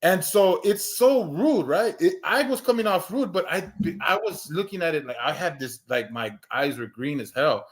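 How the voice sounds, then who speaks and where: Speaking with few pauses at a moderate pace, a podcast co-host in his thirties tells a long personal anecdote in casual talk. His slightly high voice is animated, he restarts and repeats himself, swears occasionally, and acts out quoted lines in a raised voice.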